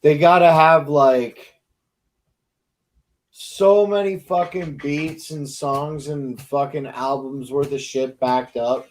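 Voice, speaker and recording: A man's voice: on the high side, fairly even intonation, slow. Podcast co-host, sleepy man, laid-back, swears freely. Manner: profane, laid-back, yawning. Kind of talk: casual chat.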